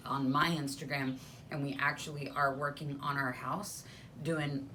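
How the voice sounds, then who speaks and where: Woman pastor, middle-aged, very low pitch, hushed, rambling casual chat, home studio room. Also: slight background noise. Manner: chatty and playful, rambling with fillers; speaking softly, hushed. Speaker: pastor and co-host. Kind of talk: casual live-stream chat.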